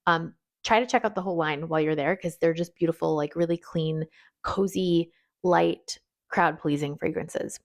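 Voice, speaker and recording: A woman with a slightly low voice talks casually through a long list of perfume notes. She is chatty and quick to laugh at her own pronunciation. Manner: chatty, rattles off lists, laughs at own French. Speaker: fragrance reviewer.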